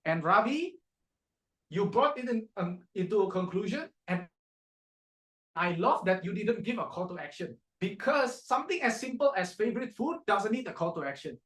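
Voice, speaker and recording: Man with a high voice, a direct speech coach giving feedback over a video call and acting out his examples. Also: sing-song, normal speed, fairly bright tone. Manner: direct, demonstrative, acts out examples. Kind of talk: meeting feedback to speakers.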